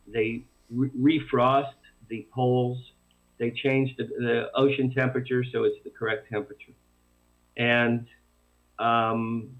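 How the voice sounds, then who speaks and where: Man, author guest, rambling storyteller, many restarts, tinny phone line. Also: medium pitch. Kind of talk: casual radio interview.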